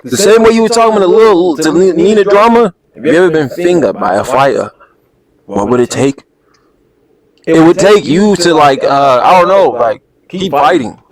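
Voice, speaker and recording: A man hosting a reaction video with casual, animated, slang-heavy commentary that keeps breaking into laughter. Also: fairly high pitch, normal speed, crowd noise, poor audio.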